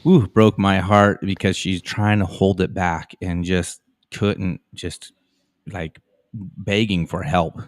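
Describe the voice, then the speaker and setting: A middle-aged man with a fairly low voice talks through a casual live-stream chat, rambling through his stories with plenty of fillers. The sound is close and dry, with no room echo. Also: steady tone, slow. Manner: rambling, storytelling, with many fillers.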